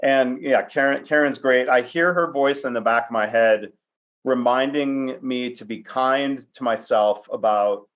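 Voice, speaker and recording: A man hosts an interview podcast in a chatty, self-deprecating way, using plenty of fillers. His voice is medium in pitch and fairly bright, and he keeps a measured pace.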